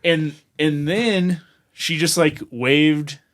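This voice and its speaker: Curious man asking quick questions. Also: on the high side, steady tone, a bit bright. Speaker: podcast host. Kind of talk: casual chat.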